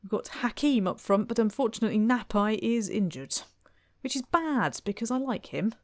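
A woman's voice: on the high side, expressive, normal speed, a little mellow, no room sound. Wry woman commentating gameplay. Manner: wry, chatty, exasperated asides. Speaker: let's play host.

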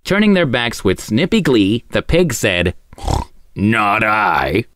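A man hosting a story show and reading a children's tale aloud in an expressive, sing-song way. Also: mid-range voice, moderate pace, a little hiss or hum. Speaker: storyteller host.

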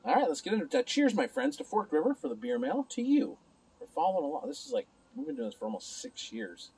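A man rambles through a casual beer review on his own at home, talking to his viewers and sometimes to himself. His voice sits high and moves around a lot. It has a husky, gravelly edge. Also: sing-song, fast, darkish tone, poor audio. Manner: chatty, rambling, talks to himself. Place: alone at home.

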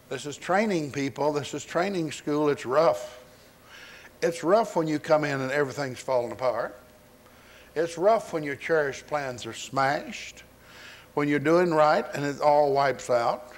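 A pastor preaching a folksy storytelling sermon, retelling scripture and acting out its voices, on a 1980s sermon recording. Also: male voice, on the high side, measured pace.

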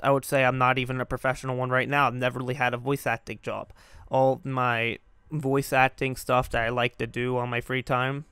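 A man's voice: medium pitch, fairly bright tone, smooth, dry recording. A young man talking casually on his vlog, rambling and correcting himself, with frequent swearing. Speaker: YouTuber and hobby voice actor.

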